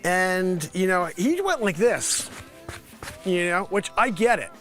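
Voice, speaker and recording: High-voiced man joking like a reporter. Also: lively intonation, slow, a bit bright, soft background music. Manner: jokey mock news report. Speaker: host of a daily livestream. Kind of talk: comedic livestream monologue.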